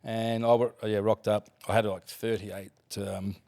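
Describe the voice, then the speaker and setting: A man's voice: lowish voice, measured pace, vocal fry. Laughing Australian man telling stories. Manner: laughing, swearing, animated anecdotes. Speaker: podcast guest, former footballer. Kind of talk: casual storytelling.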